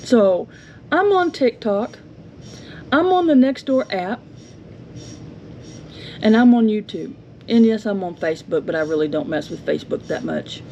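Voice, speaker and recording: In a home vlog, a homestead vlogger angrily vents at a neighbor, confrontational and indignant, with rhetorical questions, as the yard is being mowed. Her mid-range voice is animated yet gravelly and dark, a little slow, and she pauses often. The lo-fi audio sounds dull with faint noise.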